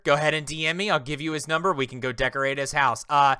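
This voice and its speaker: Playful podcast host man, dry bright voice. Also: fairly high pitch, fairly even intonation, quick pace, few pauses, clean tone, no echo. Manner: playful, teasing quizmaster. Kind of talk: casual chat.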